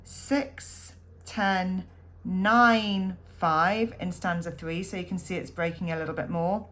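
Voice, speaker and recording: A woman teaching a poetry lesson, counting syllables aloud in a measured way with frequent ums. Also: medium pitch. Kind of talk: poetry lesson, annotating a text.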